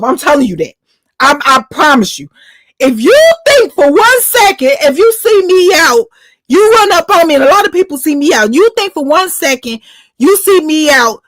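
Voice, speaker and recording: A woman's voice: high voice, dry recording. Brief: Chicago woman, blunt and fiery storyteller, dry close sound. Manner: blunt, heated, swears freely. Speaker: host telling her jail story. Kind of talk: casual reaction-stream storytelling.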